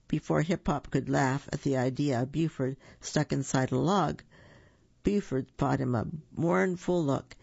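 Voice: medium pitch, measured pace, gravelly, darkish tone, slightly rough, no room sound, lo-fi sound. A storyteller reading children's stories aloud and explaining the lesson afterwards.

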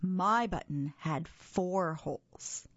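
Woman reader playing a fussy male toad for a storybook: husky, slow and emphatic when he complains, dry sound. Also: on the low side, no room sound, highs cut off.

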